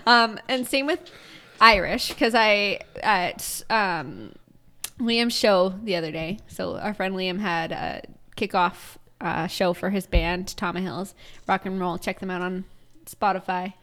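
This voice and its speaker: A woman's voice: medium pitch, slow, a bit bright. Giggly woman telling a story. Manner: giggly, laughs often. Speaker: podcast co-host. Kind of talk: casual storytelling chat.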